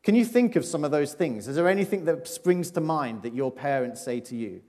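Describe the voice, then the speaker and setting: A man's voice: a little high, expressive, fairly quick, mellow. A man giving a playful children's talk in a church service, chatting and asking the audience questions. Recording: long reverb of a large hall.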